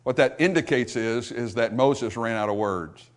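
A man preaching a sermon, repeating phrases for emphasis and calling out to the congregation, swelling to fervor then dropping soft and low. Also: moderate pace.

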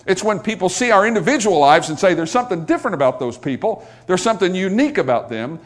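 Animated, high-pitched male preacher. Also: quick pace. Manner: folksy, joking asides to the congregation; swings from soft asides to loud emphatic points. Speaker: pastor. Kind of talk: sermon.

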